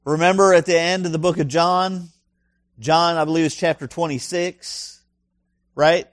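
A man's voice: fairly high pitch, steady tone, normal speed, no echo, studio quality. A male pastor preaching a sermon in an emphatic way, full of rhetorical questions and punchy asides.

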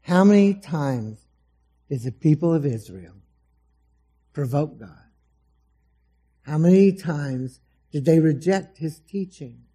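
A man preaching a sermon to a congregation, dramatic, acting out the voices he quotes and swinging between loud emphasis and soft, low asides. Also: animated, takes it slowly, pauses often, breathy edge. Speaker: pastor. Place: church hall before a congregation.

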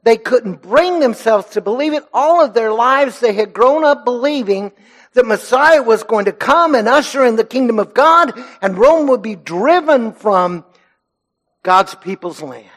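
A man preaches a sermon from a church pulpit. His voice sits fairly high for a man, and he speaks earnestly and with emphasis. His phrase endings often sink low and quiet. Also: lively intonation, measured pace. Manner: earnest, emphatic, lets phrase ends drop low and soft. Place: church sanctuary.

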